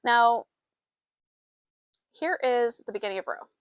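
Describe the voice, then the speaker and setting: A woman's voice: on the high side, expressive, a little slow, clear, resonant tone, no echo, dull audio. A woman hosting a knitting podcast, chatting casually and a bit out of breath, often laughing at herself. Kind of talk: casual chat. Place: small farm with sheep.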